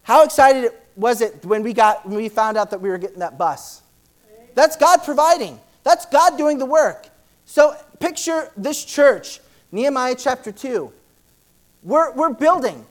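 In a church sermon, a man reads scripture out loud with an extremely high-pitched voice. Fast and fired up, he often repeats words as he keeps going.

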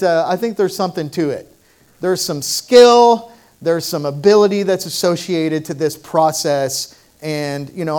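A man's voice: on the high side, darkish tone. A man leading a prayer and then telling a humorous personal story in a sermon. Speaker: pastor.

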